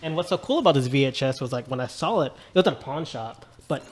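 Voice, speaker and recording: A man's voice: medium pitch, lively intonation, fast, slight background noise. A man co-hosting a podcast, telling a story in rambling casual chat with lots of "like" and "dude". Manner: rambling, many restarts and "like", "dude". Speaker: podcast co-host.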